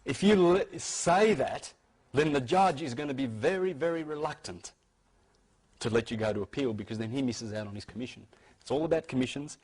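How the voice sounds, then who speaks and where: Husky man lecturing emphatically. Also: medium pitch, a little fast, a little mellow, rough recording. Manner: emphatic and insistent, with frequent restarts and repeated words. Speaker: speaker giving a talk. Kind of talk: informal lecture to an audience.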